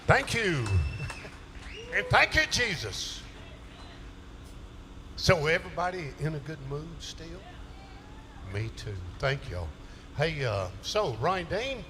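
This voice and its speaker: A man's voice: fairly high pitch, big pitch swings, slow, long pauses, background noise. A man with a drawl singing country songs live in a small hotel venue and telling folksy stories between songs. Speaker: country singer. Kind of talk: live concert singing and stage banter. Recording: live concert with loud band. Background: band music.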